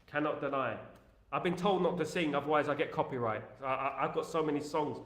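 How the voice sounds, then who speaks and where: A man's voice: a little high, a little fast, fairly bright tone, reverberant. A man hosting a football fan channel, chatting casually on a live stream and reading out viewer messages in a repetitive, joking way full of filler phrases.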